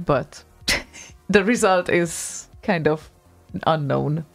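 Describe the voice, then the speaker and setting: Slow, gravelly-voiced woman radio co-host. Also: low voice, faint music behind. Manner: hesitant, chatty, laughs often. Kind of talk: casual radio chat.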